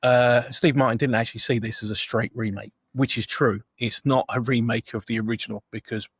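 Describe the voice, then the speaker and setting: A man's voice: mid-range voice, fairly even intonation, brisk, husky, no room sound. A man co-hosting a casual film review podcast, steadily reading out film facts and questions. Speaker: podcast co-host.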